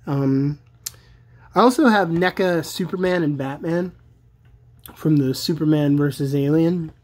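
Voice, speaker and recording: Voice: medium pitch, a little slow, a little mellow. A toy collector reviewing action figures in a casual, chatty and enthusiastic way, with many fillers. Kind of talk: casual product review vlog.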